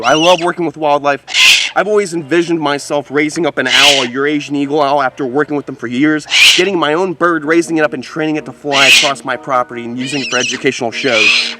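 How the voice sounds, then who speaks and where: A young man hosting a wildlife vlog outdoors, talking with excited, upbeat enthusiasm about his work. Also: a little high, fast, very noisy. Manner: excited, upbeat, exclaims how amazing things are. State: out of breath. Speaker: wildlife vlogger. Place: outdoors by a lake.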